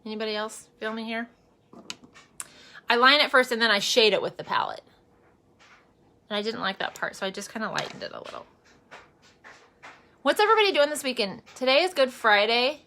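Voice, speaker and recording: Bright, chatty woman vlogger. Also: on the high side, animated, fairly quick, long pauses. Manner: chatty and rambling, with many fillers; earnest and emotional about faith. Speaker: makeup vlogger and direct seller. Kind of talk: casual chatty makeup vlog.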